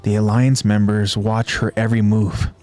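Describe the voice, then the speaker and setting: A man who hosts a podcast, retelling an anime episode scene by scene in a steady, descriptive way. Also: on the low side, normal speed, soft background music. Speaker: podcast host.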